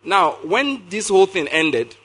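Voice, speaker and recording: A man preaching a sermon, reading scripture slowly and asking his listeners questions. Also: sits high, sing-song, fairly bright tone. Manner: reads scripture slowly, then asks the congregation questions.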